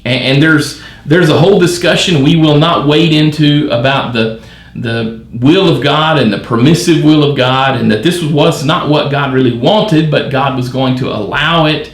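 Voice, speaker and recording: A man's voice: fairly high pitch, normal speed, roomy sound. A man leading a midweek Bible study, reading scripture and wondering aloud at it with many questions. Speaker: church Bible teacher.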